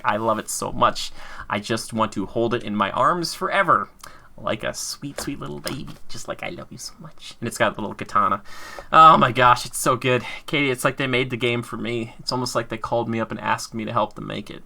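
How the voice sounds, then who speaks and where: Young man, podcast host, casual rambling chat, jokey, bright edge to the voice. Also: vocal fry, a little hiss or hum. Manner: rambling, jokey, bursts into high laughing exclamations.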